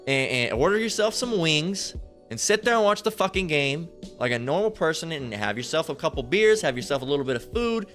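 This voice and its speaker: A man's voice: a little high, a bit bright. A man giving a rambling, profane casual preaching rant about scripture, often repeating himself and swearing. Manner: rambling, repetitive, swears a lot. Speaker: religious commentator.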